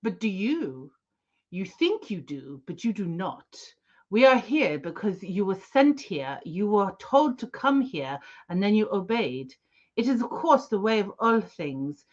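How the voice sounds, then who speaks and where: A woman playing a smug male French information broker, speaking slowly and lecturing. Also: mid-range voice, sing-song, lo-fi sound. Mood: lofty.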